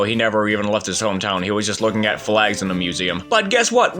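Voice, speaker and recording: A young man giving a scripted, sarcastic commentary review with an exasperated edge. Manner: sarcastic, exasperated, lively swings in pitch. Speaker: video essayist.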